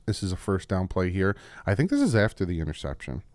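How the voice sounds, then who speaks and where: Male film-study host, lowish voice, dry close sound, emphatic and repeats himself. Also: fast, no room sound. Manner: emphatic, repeats points, voice jumps when excited. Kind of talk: casual film-breakdown commentary. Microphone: desk microphone.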